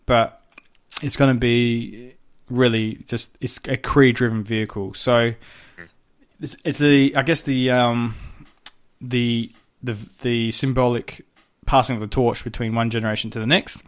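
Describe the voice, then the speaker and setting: A man's voice: mid-range voice, steady tone, measured pace, clear, resonant tone. A man co-hosting a podcast in casual chat, recapping a film in a rambling way with restarts and casual swearing. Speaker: podcast co-host.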